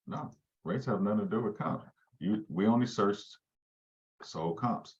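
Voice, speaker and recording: With a lowish voice and a measured pace, a man teaches real estate agents in a live training, throwing questions at them along the way. He leads their team. The sound is dull.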